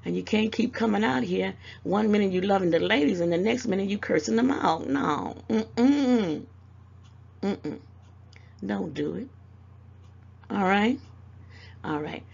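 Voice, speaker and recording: An older Southern US woman, a YouTube commentator, talks straight to camera, handing out motherly, scolding advice and calling people "baby." Her mid-range voice is creaky, darkish and slightly rough, at a measured pace with frequent pauses. The audio is dull.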